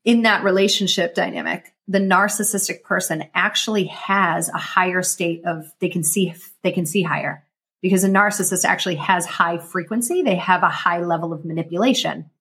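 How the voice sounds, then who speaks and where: Husky, upbeat woman coach. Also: lowish voice. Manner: energetic, motivational, quick bursts. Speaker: guest, emotional intelligence coach. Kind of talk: casual interview chat.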